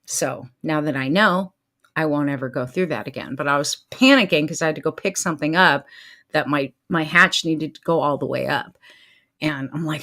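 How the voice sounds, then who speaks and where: A middle-aged woman and show host telling casual stories to her viewers, animated and quick to laugh. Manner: animated, laughs often, swings pitch to act out what people said. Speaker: life coach and show host.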